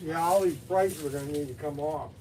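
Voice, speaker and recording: A man's voice: a little high, fairly quick, dark tone, slight background noise. Rambling, bickering man with a raised voice. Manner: rambling storyteller, defensive when teased. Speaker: hobby shop owner and show host. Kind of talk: casual storytelling and shop banter. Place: hobby store.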